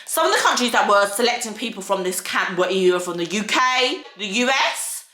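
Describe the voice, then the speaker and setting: Young woman vlogger, crisp bright tone, roomy echo, casual storytelling. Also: medium pitch, animated, fairly quick. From United Kingdom. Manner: earnest, candid, slangy retelling. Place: home filming set.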